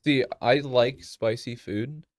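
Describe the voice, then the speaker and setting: A man's voice: medium pitch, slow, dry recording, studio quality. A man co-hosting a casual podcast, crude and sarcastic as he jokes with friends. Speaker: podcast co-host.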